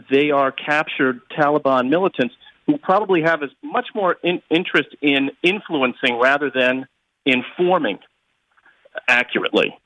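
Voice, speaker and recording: A male guest analyst explaining things in a measured, steady way. His voice is bright and forward, and the sound is dry. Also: medium pitch, no echo, poor audio.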